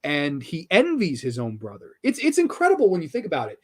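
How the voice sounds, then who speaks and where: A man's voice: on the high side, huge pitch swings, a little fast. A man hosting a horror film review show, talking casually and enthusiastically, with casual swearing and lots of restarts.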